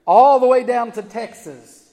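A man preaching a sermon as pastor, emphatic, swinging from loud urging to hushed low tones. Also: unhurried, vocal fry. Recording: church hall with long reverb.

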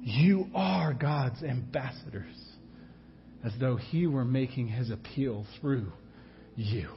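A man preaching a sermon as pastor, animated, acting out quotes and dropping to hushed tones. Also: medium pitch, slow, vocal fry, highs cut off, faint music behind.

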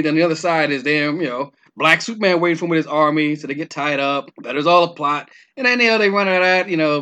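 A man with a bright, slightly high voice talks through an action movie's plot in a loose, casual recap. He rambles, restarts his sentences and keeps dropping "you know" and "man" as he goes. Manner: rambling, filler-heavy, says "man" often. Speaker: movie reviewer.

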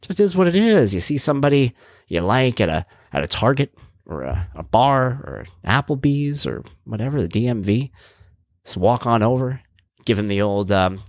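Animated self-mocking man telling a story. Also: medium pitch, a little fast, no echo. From Long Island, New York. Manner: animated, self-mocking, acts out quoted voices. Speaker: podcast host. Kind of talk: casual storytelling monologue.

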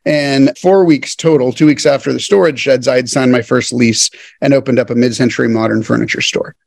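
A man's voice: mid-range voice, brisk, vocal fry, no room sound. A man in his thirties, a podcast guest casually telling his business story and acting out the dialogue as he goes. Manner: animated storyteller who acts out quoted dialogue.

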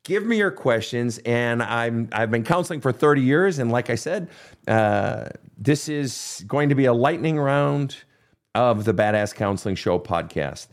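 A man's voice: mid-range voice, lively intonation, unhurried. A middle-aged man hosting a counseling podcast who talks bluntly and swears often, acting out the voices of the people he quotes. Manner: blunt, swears freely, acts out quoted outbursts. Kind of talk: casual advice monologue.

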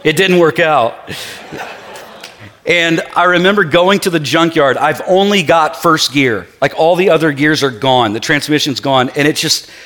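A middle-aged male pastor preaching a sermon in church, telling stories with acted-out quotes and then easing into quieter, earnest preaching. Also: on the high side, unhurried.

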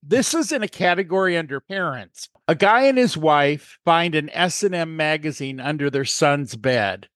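A man's voice: a little high, expressive, normal speed, few pauses, a bit bright, dry recording. A man co-hosting a podcast, casually reading jokes aloud from a list. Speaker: podcast co-host. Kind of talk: casual chat with joke reading.

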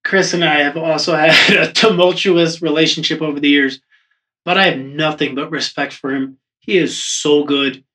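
A man giving earnest, measured praise in a casual interview. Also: a little high, fairly even intonation, bright, forceful tone.

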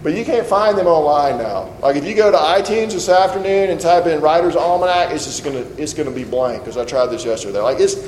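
A pastor giving a conversational sermon and leading a closing prayer. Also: male voice, a little high, fairly quick, hardly any pauses, darkish tone. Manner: conversational preaching, ending in prayer. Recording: roomy hall reverb, faint noise.

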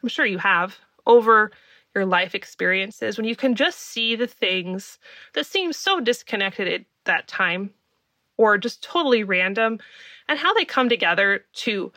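Animated yet a little slow, this woman's medium-pitched voice comes across pushed and bright, without any echo. She's an American podcast host in her thirties, laughing at her own expense while casually telling a personal story.

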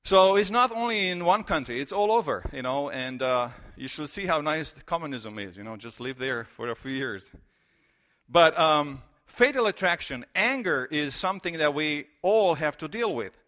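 Expressive and forceful, a middle-aged Romanian pastor speaks in a bright, high-side voice at normal speed, his Romanian accent evident. He preaches a church sermon conversationally, weaving stories with frequent fillers.

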